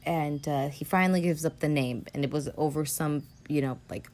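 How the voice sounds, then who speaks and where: A woman's voice: sits low, moderate pace, darkish tone. Rambling, profane woman podcast host. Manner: rambling, profane, filler-heavy. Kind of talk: casual film recap chat.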